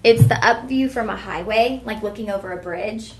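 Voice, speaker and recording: A woman's voice: medium pitch, moderate pace, a little mellow, reverberant. Chatty woman shopping host. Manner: chatty, heartfelt, folksy "y'all" address. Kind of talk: live shopping stream chat.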